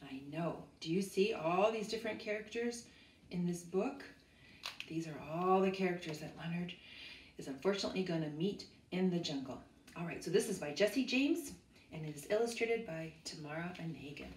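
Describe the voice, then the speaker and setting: A woman reading to children at a library storytime, talking in an excited, sing-song way to the kids and a puppet. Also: lowish voice, moderate pace, slight background noise. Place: public library. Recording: echoey room.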